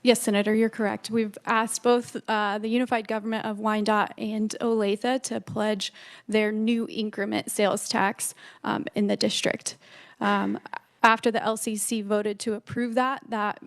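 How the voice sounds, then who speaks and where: Midwest American woman, state official, flat, measured testimony at a hearing. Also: mid-range voice. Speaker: state official presenting to committee. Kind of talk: formal testimony answering questions. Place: legislative hearing room.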